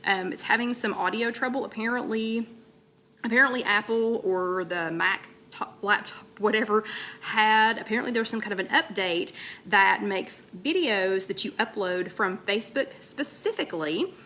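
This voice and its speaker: A woman's voice: mid-range voice, normal speed, bright, forceful tone, a little hiss or hum. A woman hosting a casual live-stream chat, rambling and greeting viewers mid-sentence. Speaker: host of a weight-loss chat livestream.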